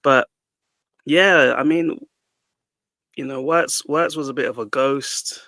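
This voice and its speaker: A man's voice: medium pitch, fairly even intonation, takes it slowly, pushed and bright, no echo. A man on a football podcast, ranting about his team with lots of swearing and restarts. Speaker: podcast panelist. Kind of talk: casual football debate.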